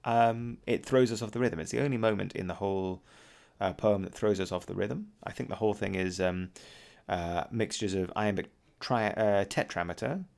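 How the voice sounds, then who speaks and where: A male teacher talks through a poem line by line in a deep, low voice. His tone has a gravelly edge. He pauses often with ums and uhs as he explains. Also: a little mellow. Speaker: English teacher. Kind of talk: recorded poetry lesson.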